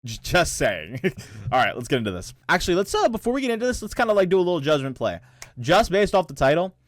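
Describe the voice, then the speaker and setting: A man's voice: on the high side, big pitch swings, quick pace, no echo, clean studio sound. A young man reading posts aloud and reacting in a laid-back, slangy, joking way, laughing often. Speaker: reaction streamer. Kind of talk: casual reaction commentary.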